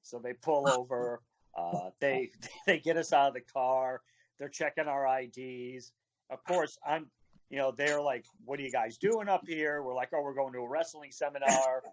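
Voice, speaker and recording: A man telling road stories on a video call. He has a mid-range voice and speaks in an animated, casual way, with quick shifts as he acts out other people's lines. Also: medium pitch. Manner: animated storyteller acting out quoted voices. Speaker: wrestling referee, guest.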